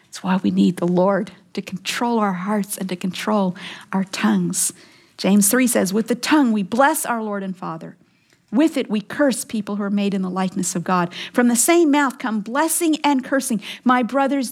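A woman delivering a Bible teaching, emphatic and earnest, sometimes dropping to a hushed whisper for weight. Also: mid-range voice, normal speed, vocal fry.

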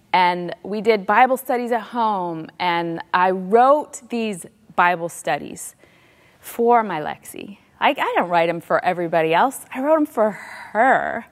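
Middle-aged woman sharing a faith story, heartfelt, goes soft and hushed sometimes, long hall echo. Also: medium pitch. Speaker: Christian author and speaker. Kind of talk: personal faith talk.

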